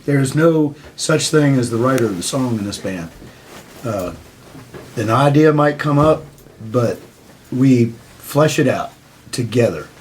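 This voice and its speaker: An older man speaks earnestly about his band, reflective and unhurried, pausing with fillers. His voice sits at an ordinary pitch, with a faint hiss of noise behind him. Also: lively intonation, darkish tone. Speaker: band member. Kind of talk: interview.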